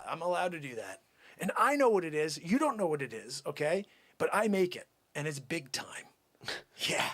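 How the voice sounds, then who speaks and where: A man performing a comic skit rant, mocking and taunting, swinging between loud outbursts and low muttering. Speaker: channel host.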